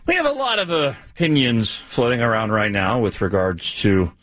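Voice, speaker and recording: A man's voice: medium pitch, lively intonation, normal speed, fairly bright tone, no echo. A man co-hosting a talk radio show, rambling with fillers and restarts. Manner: rambling, many fillers and restarts, laughs easily. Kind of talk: casual talk radio banter.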